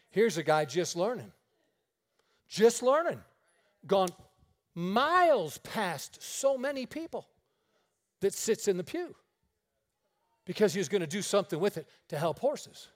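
A man preaching a sermon on a radio broadcast, telling stories and acting out the dialogue with lively energy. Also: high voice, unhurried, pauses often. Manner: animated storyteller acting out dialogue. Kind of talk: sermon storytelling.

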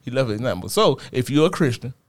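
A man's voice: mid-range voice, big pitch swings, fast talker. A man co-hosting a casual podcast chat, teasing the others and laughing a lot. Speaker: podcast co-host.

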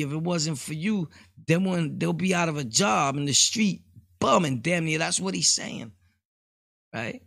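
A man's voice: fairly high pitch, vocal fry, a bit bright, dry recording, clean studio sound. A man hosting a solo podcast, rambling casually with street slang and laughing asides. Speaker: podcast host.

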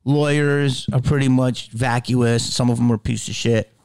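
A middle-aged man hosting a podcast, delivering a heated solo rant full of swearing, swinging from loud outbursts to low muttering. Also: fairly even intonation, moderate pace. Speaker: podcast host.

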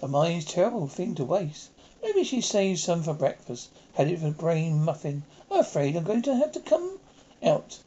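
An actor playing a gleeful, punning male ghoul who hosts a TV horror anthology, with a raspy, shrill voice. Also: very animated, moderate pace, warm tone, dull audio. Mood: gloating. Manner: gloating puns. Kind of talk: 1980s TV horror anthology acting.

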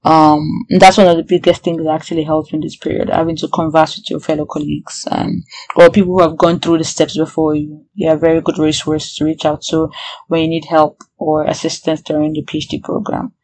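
A young adult woman, a PhD student and podcaster, talking in a casual video diary. She sounds anxious and excitable and often breaks into prayerful exclamations. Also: low voice, fairly quick, slight background noise, poor audio.

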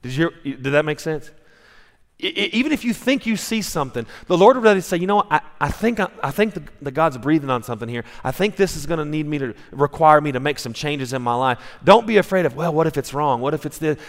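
A man's voice: a little high, lively intonation, quick pace. Man preaching a sermon in a reverberant hall. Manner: conversational storytelling, frequent restarts. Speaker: pastor. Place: church sanctuary. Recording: long reverb of a church hall.

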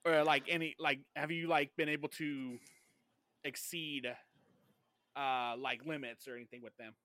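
An excitable male podcast host with a bright, forward voice pitched on the high side. The sound is dry and close, and his questions come out in halting, eager bursts. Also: dry recording. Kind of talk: casual podcast chat.

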